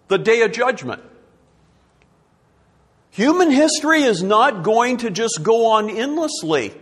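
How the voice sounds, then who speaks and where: A man's voice: sits high, long reverb tail. A man preaching a sermon, emphatic and repeating his key words for effect.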